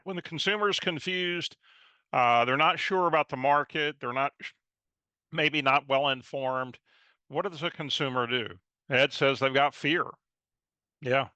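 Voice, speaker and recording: Bright-voiced man coaching. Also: mid-range voice, dry recording. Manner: energetic, chatty, reads audience chat aloud. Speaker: real estate coach. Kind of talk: live webinar presentation.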